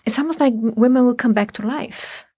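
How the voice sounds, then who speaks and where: A woman's voice: on the high side, moderate pace, dark tone, husky. A woman, a physical therapist, telling her story as a guest in a casual podcast conversation and acting out the dialogue.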